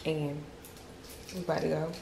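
A woman's voice: sits low, level tone, normal speed, vocal fry, very noisy. A young woman chatting casually to her viewers in a slangy vlog, often laughing, at times from a car. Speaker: vlogger. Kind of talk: casual vlog chat to camera.

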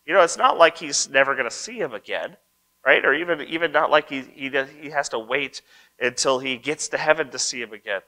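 Bright-voiced man preaching a sermon. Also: mid-range voice, animated, a little fast, rough recording. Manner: conversational preaching with frequent "right?" asides; reads scripture aloud, then comments on it. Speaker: pastor.

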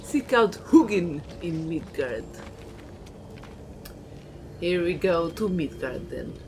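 A woman's voice: fairly low pitch, animated, slow pace, background noise. A woman casually commenting while playing a video game, laughing often and swearing freely. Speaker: gameplay streamer. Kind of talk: casual let's-play commentary. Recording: game music behind voice.

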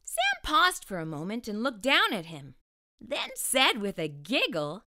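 A woman reading a rhyming children's picture book aloud, slow and expressive. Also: medium pitch, no room sound. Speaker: storyteller. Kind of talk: children's storybook read-aloud.

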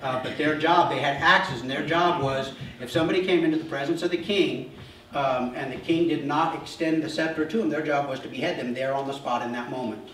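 A man's voice: fairly high pitch, fairly quick, a bit bright, far from the mic, a little hiss or hum. A male pastor giving a casual sermon, retelling a story with humorous asides. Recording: echoey church hall, mic from afar.

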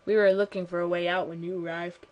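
A woman reading the lines of a calm, cryptic fellow prisoner in a game, in a quiet, measured way. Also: on the low side, muffled recording, close to an everyday voice.

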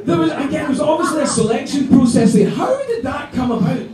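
A Scottish man doing a stand-up comedy set, animated and mock-indignant, with swearing. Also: extremely high pitch, fast talker. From Scotland. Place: comedy club stage. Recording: echoey club, distant mic, audience laughter. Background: audience laughing.

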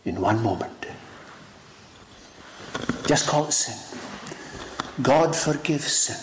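A man preaching a sermon in an emphatic, dramatic style, swinging between loud rises and hushed lines. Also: medium pitch, expressive, extremely slow, long pauses. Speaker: pastor. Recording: echoey room with faint noise.

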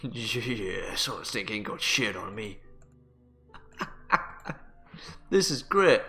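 Bright-voiced rambling gamer man. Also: medium pitch, lively intonation, slow pace, long pauses, faint music behind. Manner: rambling, self-correcting, joking. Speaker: let's play gamer. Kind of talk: casual game commentary.

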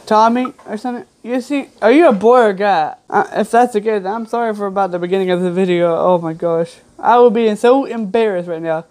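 A woman's voice: medium pitch, a little fast, few pauses, darkish tone. A woman giving casual gameplay commentary, reading game text aloud with chatty, offhand asides. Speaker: gamer.

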